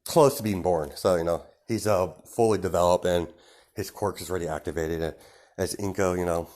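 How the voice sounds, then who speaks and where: A man's voice: low-pitched, fairly even intonation, brisk, a little mellow. A man improvising a fan-fiction story aloud, rambling casually with lots of fillers.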